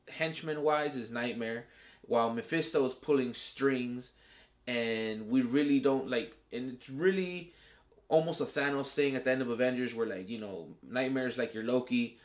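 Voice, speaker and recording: A man hosting a casual TV episode review, talking in slang with plenty of swearing and acting out the characters' reactions. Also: medium pitch. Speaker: reviewer and show host.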